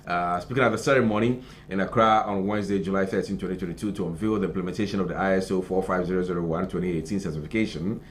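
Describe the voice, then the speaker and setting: A man with a Ghanaian accent, co-hosting a live morning show, reading and chatting over the news in a relaxed way with fillers. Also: sits low, very fast, few pauses, slight background noise. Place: TV studio.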